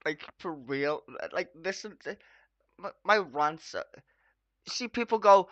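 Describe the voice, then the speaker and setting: A streamer delivering an angry, profane reaction rant at their computer, swearing constantly and breaking into loud outbursts. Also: medium pitch, expressive, a little slow. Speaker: streamer reacting to a debate clip. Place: at a home computer.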